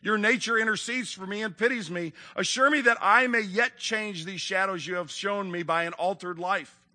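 A man's voice: high-pitched, normal speed, sharp tone. A man reading aloud as a frightened old miser, pleading and urgent in a dramatic reading. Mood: imploring. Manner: desperate, begging, raised and urgent.

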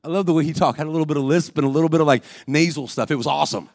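High-voiced energetic male preacher. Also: racing, dry recording, clean studio sound. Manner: energetic, calls out to the congregation, acts out voices in stories. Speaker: guest preacher. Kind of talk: sermon. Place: church.

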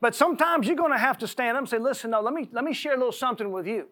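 A man preaching a sermon, reading scripture slowly and emphatically between stretches of conversational storytelling. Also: very high voice, fairly bright tone.

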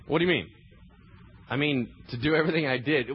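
A man's voice: fairly high pitch, animated, brisk, pauses often, husky. A man preaching a sermon with lots of energy, acting out scenes in funny voices. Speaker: pastor. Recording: slightly dull sound with faint ambient noise.

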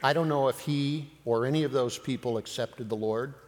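A man preaching, telling a personal story with animated retelling of dialogue. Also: mid-range voice, normal speed. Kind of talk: sermon storytelling. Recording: long hall reverb.

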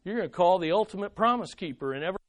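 A pastor preaching a sermon in an animated way, acting out desperate pleas. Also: mid-range voice, racing, no room sound.

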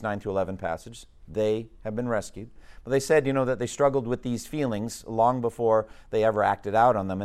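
A man teaching a Bible class in a conversational, emphatic way, often asking the class questions. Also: mid-range voice.

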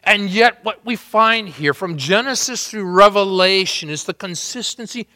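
A pastor preaching a sermon with dramatic rising and falling delivery, in a large church hall. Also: male voice, sits high, animated, a little slow, few pauses, bright, forceful tone. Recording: long hall reverb.

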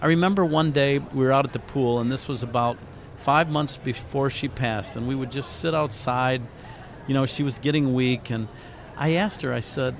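A man's voice: medium pitch, moderate pace, slight background noise. A middle-aged man, a guest on a faith radio interview, telling a heartfelt personal story in an earnest, reflective way. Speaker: interview guest, author and ministry founder.

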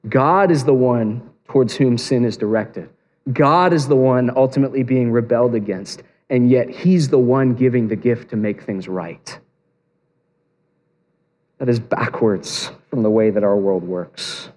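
In a large hall with long reverb, a man preaches a sermon as pastor, his darkish, medium-pitched voice moving a little slowly. He is earnest and builds toward emphatic peaks.

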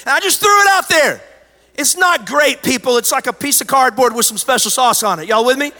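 A man preaching a sermon to a church, swinging between loud, animated preaching and quiet storytelling. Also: very high voice, fairly quick. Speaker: pastor. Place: church sanctuary. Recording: live church hall with long reverb.

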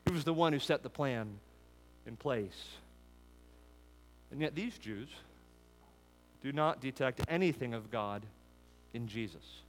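A man preaching an expository sermon, building emphatic lists that rise and then drop low. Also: animated, a little slow, long pauses. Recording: long hall reverb.

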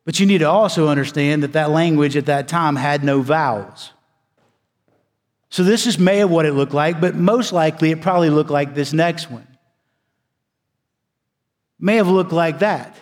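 A male pastor delivering a sermon, with dramatic pauses, swinging from loud emphasis to hushed, low delivery. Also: big-room sound.

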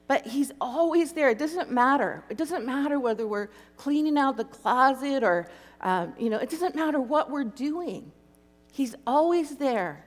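A woman's voice: sits high, expressive, measured pace. A middle-aged woman giving a personal testimony talk, telling her story conversationally and acting out her inner speech. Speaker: Christian speaker. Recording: long hall reverb.

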